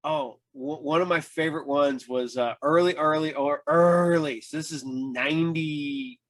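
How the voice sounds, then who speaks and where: A man with a higher-than-average, fairly bright voice speaks at a measured pace. He hosts a podcast and drifts through rambling anecdotes in casual conversation, packing in fillers and acting out the voices of people he quotes.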